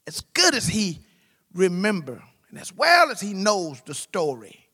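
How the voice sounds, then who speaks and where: A pastor preaching a sermon, swinging from loud, rising exclamations to low, quiet asides. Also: male voice, huge pitch swings, measured pace, husky. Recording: long hall reverb.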